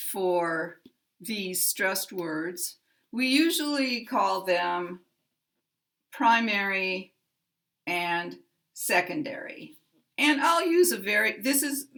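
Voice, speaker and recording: A woman teaching American English pronunciation, speaking slowly and carefully and modeling example sentences. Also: mid-range voice, a bit bright. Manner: very slow and careful, drawing out key words. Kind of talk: slow, deliberate teaching with spoken examples.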